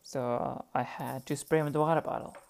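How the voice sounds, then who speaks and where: A young woman hosting a podcast in casual chat, profane, excitable and rambling, talking into a desk microphone. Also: extremely low pitch, a little fast, vocal fry. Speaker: podcast host.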